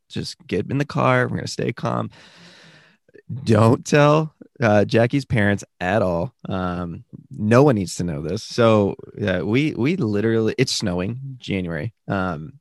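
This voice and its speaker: A young man telling a story in a casual podcast chat, animated and rambling with many fillers. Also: lowish voice, measured pace, no room sound, clean studio sound. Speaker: podcast guest, new father.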